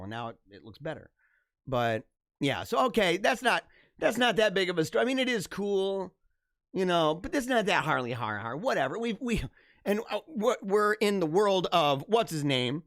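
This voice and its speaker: A man in his thirties hosts a live stream from his computer, talking in a loose, rambling way and laughing a lot. His voice sits a little high. The sound is dry and close, with no room around it. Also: no echo. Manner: rambling, energetic, laughs often. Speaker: livestream host. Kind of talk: casual live-stream chat.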